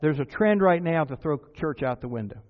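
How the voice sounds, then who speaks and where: A man's voice: a little high, animated, brisk. A man preaching a sermon to his congregation as its pastor, urging them on with earnest repeated exhortations and rhetorical questions. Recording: tinny phone-like sound with faint music.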